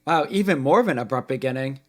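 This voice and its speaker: A man's voice: mid-range voice, expressive, fast. A man hosting an album reaction, casually musing aloud about the guitar parts and lyrics he hears. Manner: musing, comments on guitar parts between songs.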